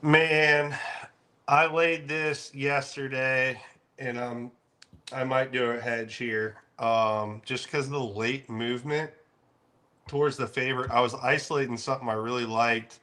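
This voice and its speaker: A man with a mid-pitched, bright voice, going through betting odds on a podcast panel. He talks in a measured, analytical way. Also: steady tone. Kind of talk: casual betting talk.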